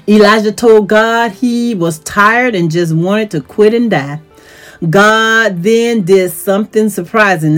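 Slow-speaking woman teaching from scripture. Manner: reads scripture aloud then retells it in plain words; voice rises in pitch when excited. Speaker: teacher of a church series. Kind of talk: Bible teaching.

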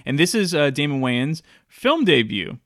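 A man's voice: fairly high pitch, sing-song, moderate pace, no echo, studio quality. A man hosting a casual film review, talking in a chatty, enthusiastic way. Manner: chatty, enthusiastic, with frequent restarts. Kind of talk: casual commentary.

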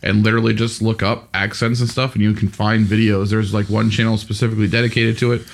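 A man's voice: on the low side, level tone, fast, vocal fry. A man who runs a tabletop game, explaining in a rambling, casual podcast chat. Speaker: game master.

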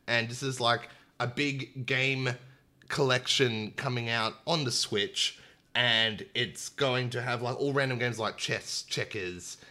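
Bright-voiced podcast host. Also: male voice, mid-range voice, steady tone, slow. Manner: chatty, filler-heavy, enthusiastic. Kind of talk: casual chat. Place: home, streamed online. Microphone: internet stream with dropouts.

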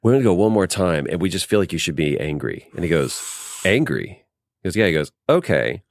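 A man with a very low voice that still swings widely in pitch as he tells behind-the-scenes stories. He talks casually, restarting phrases and acting out bits. The sound is dry and close. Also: brisk, no echo. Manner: animated anecdotes with frequent restarts. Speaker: interview guest, voice actor. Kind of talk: casual storytelling interview.

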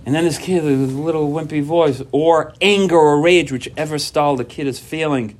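A man who is a parent gives a personal talk at a recovery workshop. He tells stories with lively energy, acts out quoted dialogue, and often repeats himself and restarts sentences. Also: on the high side, normal speed, hardly any pauses. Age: adult parent. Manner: animated storytelling, acting out quoted dialogue; frequent repetitions and restarts.

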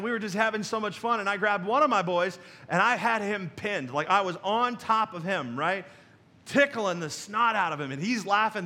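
Pastor guy in his 40s preaching, folksy and jokey, talks to the crowd a lot, pretty high bright voice. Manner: folksy storytelling with chuckles and asides to the congregation. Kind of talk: sermon. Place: church sanctuary.

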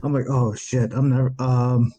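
A man's voice: mid-range voice, little pitch movement, normal speed, warm tone, slight background noise. A man guesting on a casual podcast, talking in a laid-back way with casual swearing.

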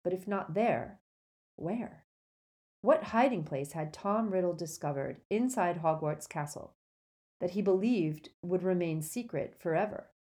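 A woman narrating a storybook in a steady, measured way. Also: on the low side.

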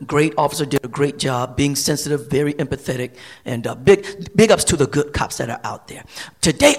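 A male pastor delivering a sermon, repeating phrases as he builds. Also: a bit bright. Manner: preaching with sweeping pitch swings and repetitions.

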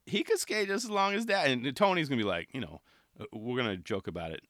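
Rambling man, bright dry podcast voice. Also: medium pitch, quick pace, no room sound. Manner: rambling, relaxed, self-interrupting. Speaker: podcast host. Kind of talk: casual solo podcast talk.

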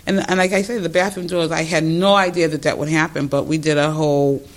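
An older man who runs a museum, telling stories in an animated, rambling way with many restarts during an interview. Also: on the high side, quick pace. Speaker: museum founder. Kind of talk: conversational interview.

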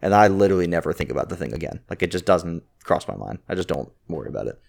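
A man's voice: low-pitched, lively intonation, very fast, gravelly, a little mellow. A man co-hosting a casual podcast chat, rambling through his thoughts with a lot of "like". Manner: rambling, heavy use of filler "like". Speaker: podcast co-host.

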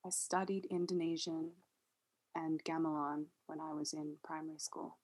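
An Australian woman, a musician, answering interview questions in a soft, thoughtful way with easy laughter. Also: low-pitched, level tone, normal speed, husky, rough recording. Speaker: musician guest. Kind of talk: casual interview.

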